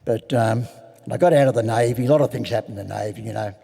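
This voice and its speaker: Talking fast in a gravelly, warm, medium-pitched voice with a breathy edge, an older Australian man tells an AA convention crowd about his recovery. He's frank and plain-spoken with self-deprecating humour, and the large hall gives a long reverb.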